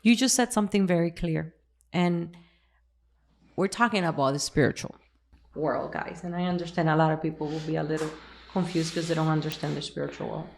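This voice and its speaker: A woman's voice: sits low, fairly quick, gravelly, darkish tone. A woman hosting a faith-based interview, affirming her guest and explaining scripture in a reflective way. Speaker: podcast host.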